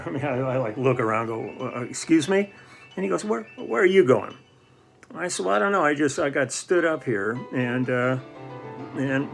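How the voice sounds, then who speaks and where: An older man telling stories in a casual, rambling way, with many fillers and restarts. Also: mid-range voice. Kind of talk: casual storytelling.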